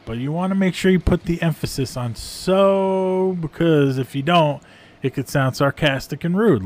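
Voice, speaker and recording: A man's voice: fairly high pitch, normal speed, darkish tone. Man casually reviewing clips, amused. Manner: amused, rambling, frequent ums and uhs.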